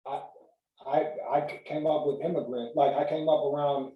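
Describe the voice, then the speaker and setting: A man in casual podcast chat, telling stories in a profane, animated way. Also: fairly high pitch, moderate pace, phone-quality sound. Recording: roomy sound, mic at a distance.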